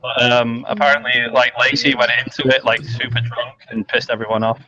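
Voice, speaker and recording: A man's voice: mid-range voice, little pitch movement, fairly quick, sharp tone, dull audio. A man hosting a rowdy live stream with friends, exasperated, swearing and stammering.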